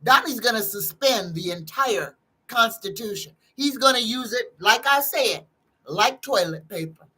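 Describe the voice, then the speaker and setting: A woman's voice: a little high, expressive, unhurried, pushed and bright, husky, poor audio. A woman hosting a live tarot stream, chatting casually in a folksy way and greeting her viewers one by one.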